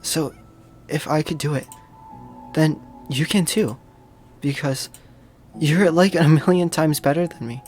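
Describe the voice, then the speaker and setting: A game player reading aloud as a timid, sad teenage girl who speaks softly and hesitantly. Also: mid-range voice, a little slow, pauses often, soft background music, close to an everyday voice. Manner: soft, hesitant. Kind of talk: reading a visual novel aloud.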